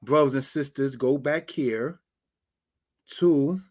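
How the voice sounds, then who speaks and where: A man's voice: mid-range voice, takes it slowly, a little mellow. A man teaching a Bible Hebrew lesson over slides, addressing viewers as brothers and sisters, explaining words step by step.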